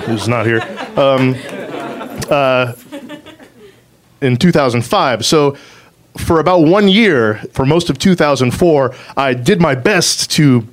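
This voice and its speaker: A man telling a personal story in a halting way, full of fillers and self-amused asides. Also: mid-range voice, animated.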